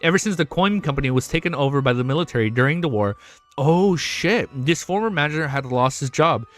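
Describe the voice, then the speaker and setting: A man streaming live, reading a novel aloud and breaking off into excited, swearing reactions. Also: a little high, fairly quick. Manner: excitable, swears often, sudden loud outbursts.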